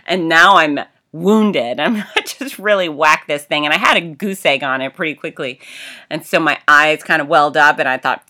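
A middle-aged woman telling a story in a casual, animated way, with laughs and exclamations. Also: sits low, a little slow. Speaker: race announcer and fitness host.

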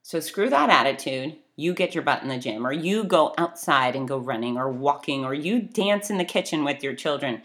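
Blunt, urging low-voiced woman. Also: expressive, normal speed, few pauses, fairly bright tone. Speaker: motivational speaker. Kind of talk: motivational talk.

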